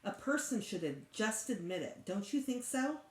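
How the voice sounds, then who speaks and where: A woman voicing a calm, earnest young girl who asks probing questions in a storybook. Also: fairly high pitch, moderate pace, natural voice. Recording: echoey room.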